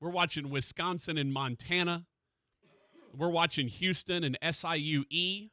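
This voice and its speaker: A man hosting a sports radio show in a studio, chatting casually and excitedly about college basketball. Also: a little high, measured pace, no echo.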